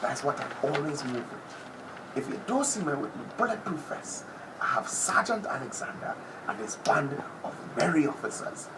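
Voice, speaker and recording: A man doing an impression of a brash, boastful male TV personality, with a theatrical, drawn-out delivery that drops to whispers. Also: on the high side, very animated. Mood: knowing. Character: brash boastful male TV personality, self-proclaimed top predator. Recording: noisy background ambience.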